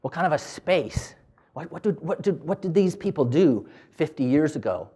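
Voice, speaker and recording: A man's voice: fairly high pitch, moderate pace, slightly rough. A man giving a storytelling talk as a business owner, acting out the dialogue in different voices. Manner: animated, acts out dialogue in quoted voices. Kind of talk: storytelling speech.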